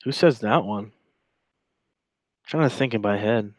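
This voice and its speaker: A man's voice: fairly low pitch, unhurried, no room sound, rough recording. A man in his twenties giving casual, rambling reaction commentary while reading a chat log, with sarcastic asides.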